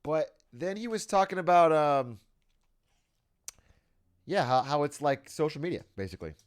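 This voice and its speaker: A young adult man talks casually to his stream chat. His pitch sits a touch high and swings widely as he laughs and swears his way through his thoughts. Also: moderate pace. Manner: animated, laughing, swears often, reads out chat.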